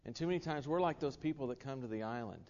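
An American man delivers an earnest sermon at a middle pitch, often restarting his sentences and dropping in asides. His voice carries a long hall reverb, and the sound is a little dull. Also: fast, a little mellow. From United States. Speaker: preacher.

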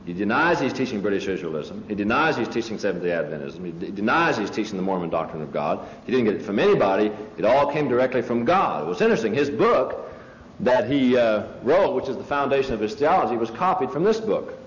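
A man with a fairly low voice gives a conversational sermon to a live audience, building his points with emphatic asides and storytelling. The recording is a dull, lo-fi tape with a faint hiss underneath. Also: big pitch swings, quick pace, reverberant. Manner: emphatic, storytelling, frequent restarts and asides to listeners. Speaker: preacher lecturing on a religious movement. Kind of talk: conversational sermon-style lecture with anecdotes.

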